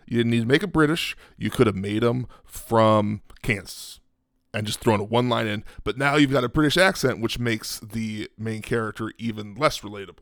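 A man co-hosting a casual movie review chat, measured and analytical, with some hesitations. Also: fairly low pitch, a bit bright, no echo, studio quality. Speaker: podcast co-host.

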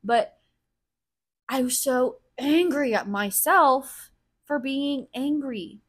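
A woman's voice: high-pitched, takes it slowly, fairly bright tone. A woman hosting a podcast, speaking in a candid solo monologue, blunt and profane, openly reflecting on her own feelings as she talks. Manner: blunt, profane, emotionally raw; self-reflective, thinking aloud. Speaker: podcast host.

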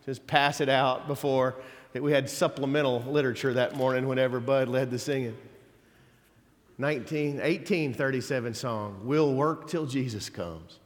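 In a reverberant church sanctuary, a pastor delivers a sermon at moderate pace and medium pitch. His preaching is conversational, with folksy asides and emphatic quotes.

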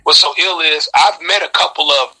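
Husky, very bright-voiced man telling stories. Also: normal speed, rough recording. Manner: animated and profane, reenacting quotes with sudden high shouts. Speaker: rapper. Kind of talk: storytelling in a casual interview.

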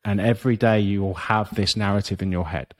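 Speaking fairly quickly in a lowish, steady voice, a fitness business coach gives a motivational podcast interview as a guest. His manner is blunt and profane, with frequent you-knows.

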